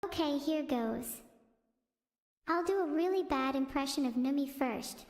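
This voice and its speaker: A woman's voice: high-pitched, unhurried. A woman's synthetic text-to-speech voice hosting a stream, chatting casually and rambling, easily sidetracked. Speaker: streamer host. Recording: echoey room with long reverb.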